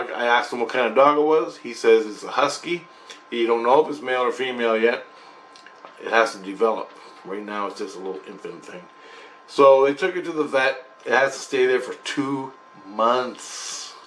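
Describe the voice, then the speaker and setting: Man, mid-pitched voice, hosting his own channel, rambling monologue with lots of restarts, faint background noise. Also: a bit bright. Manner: rambling, halting storytelling with many restarts. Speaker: channel host sharing spiritual experiences. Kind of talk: casual spoken recounting of a dream.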